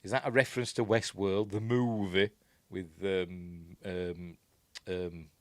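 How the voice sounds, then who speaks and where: Man, Yorkshire accent, low pitch, dry room, rambling film commentary, chuckles. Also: level tone, takes it slowly, no room sound. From Yorkshire, England. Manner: rambling, chuckling, acts out quoted lines. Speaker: film reviewer.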